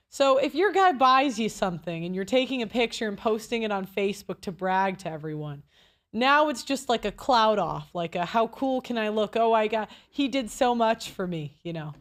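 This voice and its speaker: High-voiced blunt mocking woman host. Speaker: commentary host. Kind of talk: reaction commentary on a speech clip.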